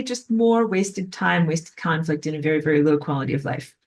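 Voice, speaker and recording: A woman giving a spiritual class lecture in an animated way, filled with frequent "like". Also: lowish voice, normal speed. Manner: animated, acts out quoted voices, frequent "like". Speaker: spiritual teacher.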